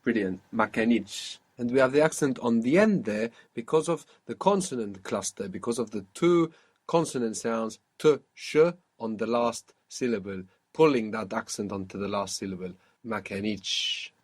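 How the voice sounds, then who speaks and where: A man's voice: fairly low pitch, normal speed, husky. A man teaching a language lesson, patiently modelling and repeating each phrase for his student.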